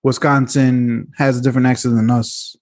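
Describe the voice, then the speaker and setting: A man's voice: medium pitch, flat delivery, normal speed, darkish tone. A man from the Chicago area co-hosting a podcast, joking and swearing through casual banter. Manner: joking, profane, laughs often. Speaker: podcast co-host.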